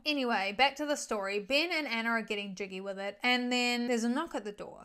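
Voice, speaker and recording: A woman's voice: on the high side, fairly quick, hardly any pauses. A young woman chatting through a gossipy, chaotic movie recap as a vlogger. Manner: chaotic, gossipy, animated retelling with quoted asides.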